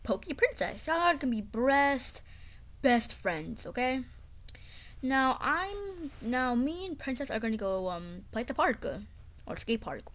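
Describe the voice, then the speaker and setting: A woman voicing a cheerful, thoughtless clay boy in a home toy play-acting video, with stammering, excited baby talk. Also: high voice, unhurried, heavily acted. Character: cheerful clay boy, carefree and thoughtless toward his friend.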